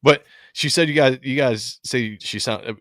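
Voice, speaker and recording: A man's voice: medium pitch, moderate pace, a bit bright, no room sound. Casual male podcast host, dry sound. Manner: casual, stumbling over written comments. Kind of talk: casual chat, reading viewer comments.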